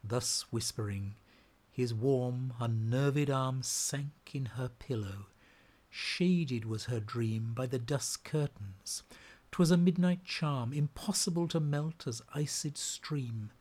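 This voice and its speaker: A man reads poetry aloud at an unhurried pace, measured and expressive. His voice sits at a middle male pitch and at times drops softly toward a whisper. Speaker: reader. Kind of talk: dramatic poetry reading.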